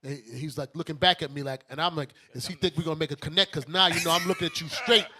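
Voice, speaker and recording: A man's voice: fairly high pitch, fast talker, noisy background. A man telling a story to studio friends in casual talk, acting out every voice in it. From Brooklyn. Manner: animated, acts out both sides of a story. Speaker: bishop, radio show host.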